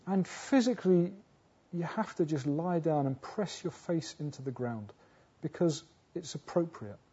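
A man preaching a sermon earnestly, asking rhetorical questions, restarting phrases, rising to loud emphatic peaks and sinking low again. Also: expressive, unhurried, slightly rough. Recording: dull lo-fi sound.

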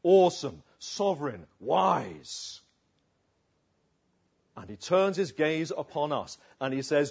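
A man delivers a sermon in an expressive way, slowing down for emphasis and then hurrying through asides. His voice sits a little high and sounds a touch husky. The recording is somewhat dull and muffled. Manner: expressive, varied delivery with slow emphatic pauses. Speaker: preacher.

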